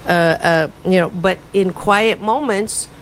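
A woman's voice: fairly low pitch, slow pace, a little hiss or hum, low-quality recording. Chatty female radio talk host. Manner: animated, self-promoting, conversational with frequent fillers. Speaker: radio talk show host and happiness coach. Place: radio studio.

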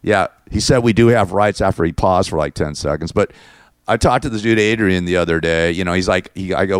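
A man's voice: sits low, a little fast, smooth, dry recording, clean studio sound. A man hosting his own show, ranting in a crude, sarcastic and mocking way. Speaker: show host. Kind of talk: ranting monologue.

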